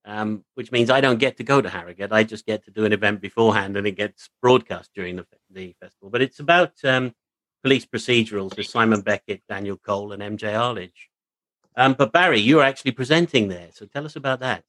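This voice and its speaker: A man's voice: fairly low pitch, a little fast, fairly bright tone, dry recording, low-quality recording. A man co-hosting a casual book chat, friendly and hesitant, with many ums and restarts. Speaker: podcast co-host.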